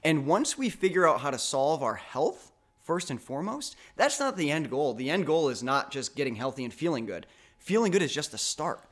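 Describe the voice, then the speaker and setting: A man's voice: a little high, very animated, normal speed. A man hosting a wellness podcast who talks in an earnest, upbeat, optimistic way. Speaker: podcast host. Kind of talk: casual conversation.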